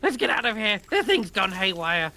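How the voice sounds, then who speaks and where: A man voicing a band of panicking male goblins, yelling in high shrieks. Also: sing-song, moderate pace, a little hiss or hum, exaggerated voice. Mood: frantic.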